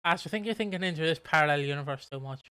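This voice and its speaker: A man's voice: on the high side, racing, bright, forceful tone, clear, resonant tone. A man hosting a podcast, rambling through a casual, sweary recap of a soap opera. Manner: rambling, swears casually, loses his train of thought. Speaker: podcast host.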